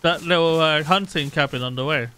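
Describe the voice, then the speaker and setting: Bright-voiced joking streamer guy. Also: a little high, fairly quick, slight background noise, poor audio. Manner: joking banter. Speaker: streamer playing with friends. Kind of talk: casual gaming chat.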